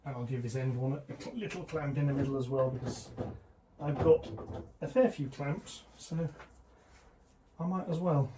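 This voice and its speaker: A man's voice: medium pitch, moderate pace, noisy background. A man casually narrating his model railway build as a hobby vlogger, chatty and self-deprecating with plenty of fillers.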